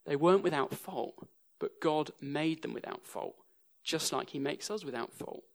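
A man's voice: a little high, lively intonation, moderate pace, gravelly. A young English man preaching a sermon, telling stories with a dry sense of humour. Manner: dry humour woven into storytelling.

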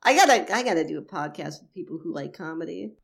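A woman's voice: on the low side, expressive, fast talker, creaky, husky. A woman co-hosting a podcast in casual chat, rambling and sarcastic, and she swears freely. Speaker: podcast co-host.

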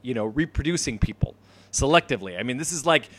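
A man co-hosting a podcast, casually recapping an episode, laughing often and acting out lines in quick voices. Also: mid-range voice, lively intonation, noisy background. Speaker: podcast co-host.

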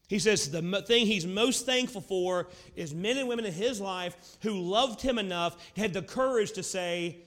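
A man preaching a sermon. He asks his listeners rhetorical questions and swings from loud, emphatic lines down to low, quiet ones. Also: moderate pace, few pauses, in a large hall. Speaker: pastor.

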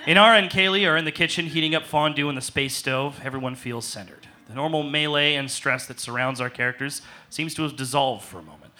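A man narrating an improvised comedy in a deadpan style with goofy sound effects. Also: medium pitch, fairly quick, hardly any pauses.

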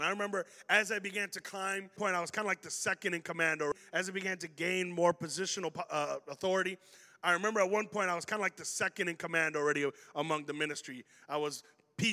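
This man, a pastor delivering a sermon, has a fairly high voice with a sharp edge. He tells stories with animation, acting out the voices of the characters, and the recording carries hall reverb.

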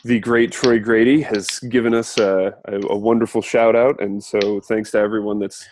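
A man from Colorado co-hosting a casual podcast chat, easygoing and quick to laugh. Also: on the low side, level tone, a little mellow, slight background noise. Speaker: podcast co-host.

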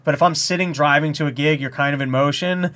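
A man, a comedian co-hosting a podcast, chatting casually and telling rambling, animated stories. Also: fairly high pitch, fast. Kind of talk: casual chat.

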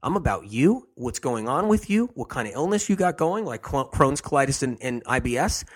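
A man's voice: mid-range voice, big pitch swings, moderate pace, breathy edge. A man hosting a health show, talking emphatically and repeating his key phrases over and over.

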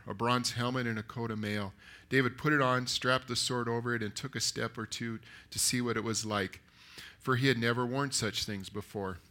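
A man preaching a sermon that retells a story, lively and acting out the characters' lines. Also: mid-range voice. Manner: animated, acts out the characters. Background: live audience.

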